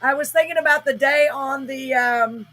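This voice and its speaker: A woman's voice: sits high, normal speed, a bit bright, rough recording. A woman hosting a live paranormal spirit-box session, talking earnestly and emotionally as she calls out to spirits. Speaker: host.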